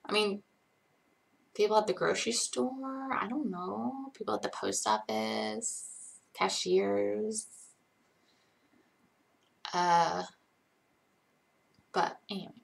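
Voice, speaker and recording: Slow, gravelly young woman streamer. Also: mid-range voice, lively intonation. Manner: hesitant, frequent ums and trailing pauses. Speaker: live streamer. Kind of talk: casual live-stream Q&A, reading chat questions aloud.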